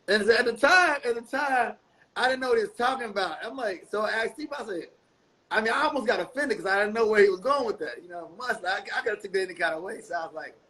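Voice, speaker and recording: Laid-back man telling stories, slightly high. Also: fast, fairly bright tone, low-quality recording. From North Carolina. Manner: laid-back, laughs often, repeats phrases. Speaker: guest musician. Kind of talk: casual interview storytelling.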